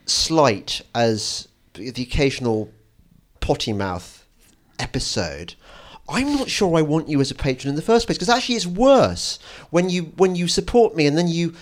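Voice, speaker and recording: A man's voice: on the high side, big pitch swings, moderate pace. A man hosting a podcast, chatting casually and rambling, stammering and repeating words as he goes. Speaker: podcast host. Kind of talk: casual chat.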